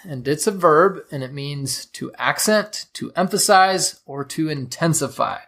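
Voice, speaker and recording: A man's voice: a little high, expressive, measured pace, gravelly, a bit bright. A man co-hosting a vocabulary podcast, reading dictionary definitions and explaining word roots with some hesitant fillers. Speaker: podcast co-host.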